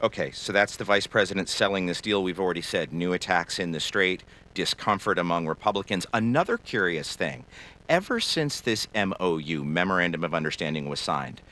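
Deep-voiced man hosting a news panel. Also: animated, a little fast, bright, forceful tone. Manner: crisp, scripted delivery that hands questions to panelists. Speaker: news show host. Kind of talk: broadcast news moderation.

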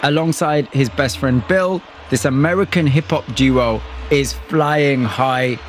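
A male radio host who narrates a scripted story and asks measured, sympathetic interview questions. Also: medium pitch, a little hiss or hum.

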